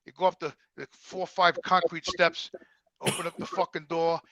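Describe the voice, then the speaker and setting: Gravelly New York man telling stories. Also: on the high side, moderate pace, dry recording. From Brooklyn, New York. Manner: profane, animated storyteller. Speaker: guest. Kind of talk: casual storytelling.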